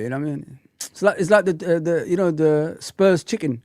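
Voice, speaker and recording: Gravelly man chatting. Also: a little high, moderate pace, dry recording, clean studio sound. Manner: animated, rambling, slangy. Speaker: host. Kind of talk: casual livestream chat.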